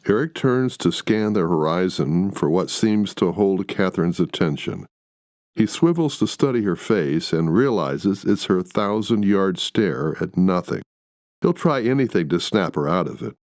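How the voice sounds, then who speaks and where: A man narrating a story in a measured, descriptive reading. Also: sits low, expressive, darkish tone, no echo, clean studio sound. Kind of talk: audiobook narration.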